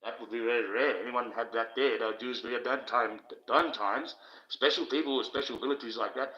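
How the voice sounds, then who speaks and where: A man's voice: mid-range voice, steady tone, brisk, pushed and bright. Profane rambling man, echoey and dull. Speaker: livestream host. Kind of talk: rambling livestream monologue. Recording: dull, echoey room sound.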